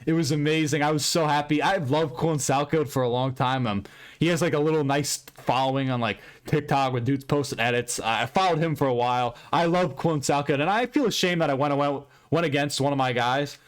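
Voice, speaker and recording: A man giving a casual, profane and rambling recap of a fight card, with bursts of excitement. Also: on the high side, brisk. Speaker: MMA commentator recapping fights.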